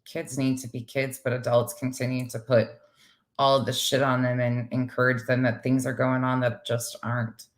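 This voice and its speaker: A middle-aged woman co-hosting a casual livestream talk show, blunt, animated and quick to swear as she reads viewer comments. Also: a bass voice.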